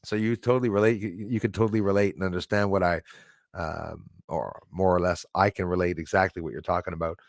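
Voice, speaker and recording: A man's voice: low-pitched, fairly even intonation, quick pace, vocal fry, no room sound, clean studio sound. Chuckling, rambling man in his forties. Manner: rambling, chuckling often, chatty. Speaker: live stream host. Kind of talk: casual chat reading viewer comments.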